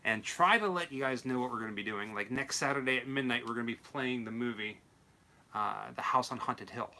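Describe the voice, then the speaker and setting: A young man co-hosting a late-night talk show, easygoing and chatty, quick to laugh. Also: mid-range voice, sharp tone. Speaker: co-host. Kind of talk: casual late-night chat.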